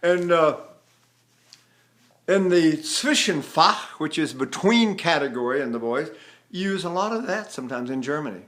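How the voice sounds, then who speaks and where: Older male voice teacher, bright tenor. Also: fairly high pitch, moderate pace. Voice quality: trained tenor voice. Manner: animated, breaks into sung phrases. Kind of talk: vocal lesson with sung demonstrations.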